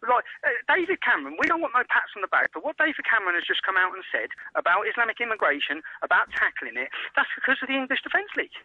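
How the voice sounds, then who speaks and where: Fast, fiery man on a muffled line. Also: high-pitched, very animated, breathy edge, no room sound. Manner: forceful, rapid, repeats lines for emphasis. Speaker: interview guest. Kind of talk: impassioned radio debate.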